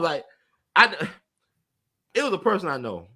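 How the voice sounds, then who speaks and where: A man, an interview guest who tells history in a rapid, animated storytelling rush. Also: fairly high pitch, slightly rough. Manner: rapid, animated storytelling, admits talking fast. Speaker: interview guest, community organizer. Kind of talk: casual conversational interview.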